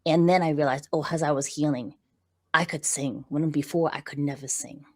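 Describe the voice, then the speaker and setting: A middle-aged woman guest on a podcast, explaining voice and breathing in an animated, conversational way with frequent check-ins. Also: sits low, moderate pace. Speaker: podcast guest, visibility coach. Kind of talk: conversational interview.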